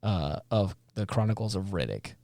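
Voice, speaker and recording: A man with a fairly low voice co-hosts a relaxed podcast chat. He reads out trivia with many ums and uhs, chuckling now and then, on a dry, close recording. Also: moderate pace, creaky, dry recording. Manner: reads facts aloud with fillers and laughs. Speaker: podcast co-host. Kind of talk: casual podcast chat, reading trivia aloud.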